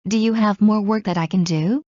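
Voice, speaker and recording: A woman reading common English phrases aloud one by one in a clear, measured way, as in a language lesson. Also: medium pitch, dark tone, no echo. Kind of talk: slow read-aloud phrase drills. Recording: dull lo-fi recording.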